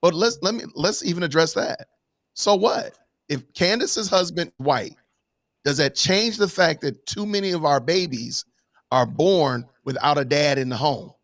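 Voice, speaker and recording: A man's voice: a little high, unhurried, a bit bright, no echo. A man taking part in a live online panel discussion over a video call, arguing emphatically with many rhetorical questions. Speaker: panel guest.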